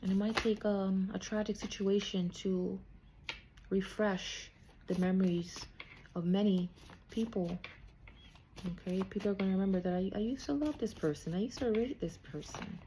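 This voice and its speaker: With a warm, mid-range voice at normal speed, a woman chats her way through a casual spiritual card reading as a psychic, checking in with "okay?" after almost every thought. There's a little hiss or hum in the recording.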